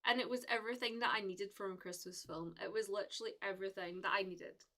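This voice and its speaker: A woman's voice: mid-range voice, steady tone, fast, bright, forceful tone. A young woman from the UK chatting casually with viewers on a live stream, rambling with lots of fillers and restarts.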